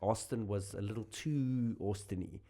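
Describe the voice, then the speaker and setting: A man from South Africa with a South African accent, a guest comedian in casual podcast chat, animated and laughing, with many restarts. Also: lowish voice, moderate pace.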